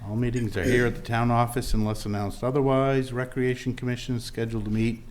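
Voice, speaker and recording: A man's voice: medium pitch, level tone, brisk. A man, a town official, reading a list of upcoming meetings with dates and times in a plain manner.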